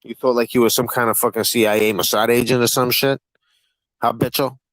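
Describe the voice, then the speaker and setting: A man running a casual live-stream panel, firing off profane, needling questions at the others. His voice sits at an ordinary middle pitch. The sound is close and dry, with no room echo. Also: fairly even intonation, fairly quick, a bit bright.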